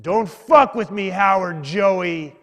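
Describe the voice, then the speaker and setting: A man voicing a loud, pushy homeless biker who yells his words out slowly. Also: very high-pitched, gravelly, long reverb tail, pitched above the performer's own voice, full character voice. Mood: menacing. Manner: drawn-out yelling, pushy.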